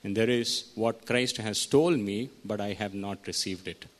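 Speaking a little slowly in a voice on the low side, a man delivers a teaching sermon verse by verse. Along the way he poses questions to the congregation.

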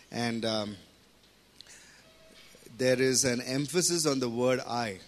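Male preacher, mid-range voice, earnest and deliberate sermon delivery. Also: mid-range voice, fairly bright tone. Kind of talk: sermon with scripture reading and prayer.

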